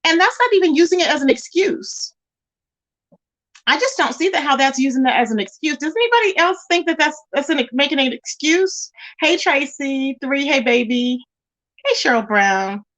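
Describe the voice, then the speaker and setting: High-voiced woman chatting on a livestream. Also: animated, moderate pace, a bit bright. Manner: greets chatters by name, reads comments aloud, emphatic and repetitive. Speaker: livestream host. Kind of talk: casual livestream chat.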